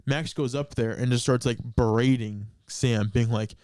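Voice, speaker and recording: A man's voice: mid-range voice, fairly even intonation, normal speed, few pauses, darkish tone, smooth, no echo, clean studio sound. A young man co-hosting a podcast, casually and animatedly retelling a story with bursts of laughter. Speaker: podcast co-host.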